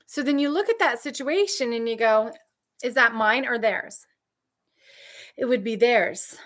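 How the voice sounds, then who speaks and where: A woman's voice: measured pace, a bit bright. A woman coaching trauma survivors in a candid, emphatic talk, repeating key phrases and answering viewers. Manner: mimics others' voices in high shrill outbursts.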